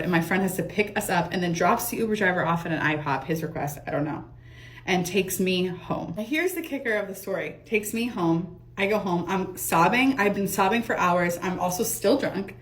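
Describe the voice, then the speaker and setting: A young woman telling a storytime monologue in a fast, animated, casual way, swearing and laughing often. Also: fairly low pitch.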